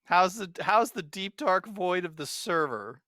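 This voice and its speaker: A man co-hosting a game stream, improvising a bit in a deadpan, oblivious manner. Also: sits high, a little slow, no echo, clean studio sound. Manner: deadpan, playing an oblivious character. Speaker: stream co-host. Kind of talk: improvised comedy banter.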